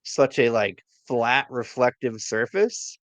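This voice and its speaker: A man's voice: mid-range voice, lively intonation, slow pace, no room sound. A man co-hosting a wrestling podcast, recapping matches in a hesitant way with lots of fillers. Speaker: podcast co-host.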